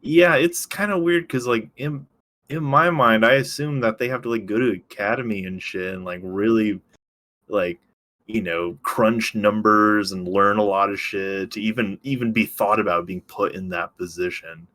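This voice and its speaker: A young man co-hosts a casual podcast in a somewhat low voice. His talk is loose and joking, packed with fillers as he works through his thoughts. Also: normal speed, fairly bright tone. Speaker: podcast co-host. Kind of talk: casual chat.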